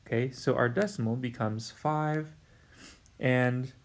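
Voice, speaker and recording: In a recorded whiteboard lesson, a male math teacher explains the material in a casual, chatty way, addressing his students directly and joking about his own mistakes as he goes. He speaks slowly in a medium-pitched voice.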